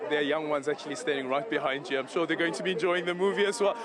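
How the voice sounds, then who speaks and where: A man reporting live from a red carpet event, excited and chatty, a little out of breath. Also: a little high, rapid-fire. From South Africa. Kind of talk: live news interview. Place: outdoor red carpet event at a shopping centre. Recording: lively crowd around.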